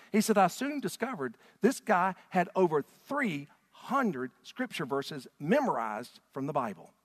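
A pastor delivers a sermon, moving from quiet passages to loud call-and-response with his congregation. His voice sits fairly high, and the sound carries the feel of a large room.

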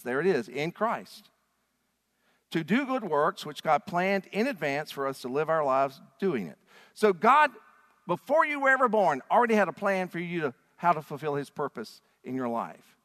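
A man's voice: sits high, very animated, fairly quick. A male pastor preaching a sermon to a congregation in an emphatic, declaring manner. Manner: emphatic, rising to loud declarations. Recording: long reverb of a large hall.

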